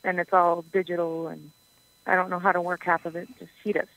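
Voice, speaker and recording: A woman's voice: on the low side, level tone, fairly quick, gravelly, a bit bright, no echo, low-quality recording. A young adult woman from Canada, a singer being interviewed, chatting casually and laughing often. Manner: giggly, talkative. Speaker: singer guest.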